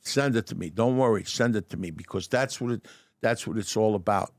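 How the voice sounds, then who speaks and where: An older man with a New York accent telling stories in a casual interview, animated and stammering over his starts. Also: lowish voice, brisk, dry recording, studio quality. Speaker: guest, deli owner turned actor. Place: restaurant dining room.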